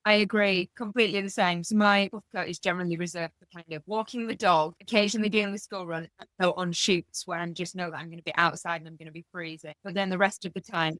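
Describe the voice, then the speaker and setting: A woman's voice: fairly low pitch, steady tone, fast, few pauses, fairly bright tone, no echo. A woman with a Yorkshire accent hosting a casual podcast interview, enthusiastic and agreeable with her guest. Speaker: podcast host.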